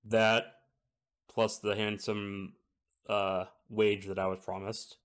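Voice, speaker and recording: A man voicing a gruff, proud bartender in a tabletop game, speaking in a clipped and forceful way. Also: fairly low pitch, flat delivery, slow. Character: gruff, proud middle-aged male bartender.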